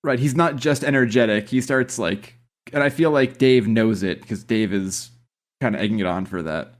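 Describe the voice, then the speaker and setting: A man co-hosting a podcast, chiming in with quick wry remarks about a TV show. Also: medium pitch. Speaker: podcast co-host. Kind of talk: casual chat.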